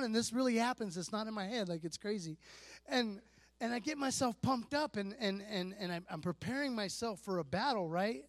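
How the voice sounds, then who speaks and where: A man, likely in his thirties, sharing a personal church testimony in a relaxed, self-deprecating way, with lots of fillers and restarts. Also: extremely high pitch, normal speed, dry recording.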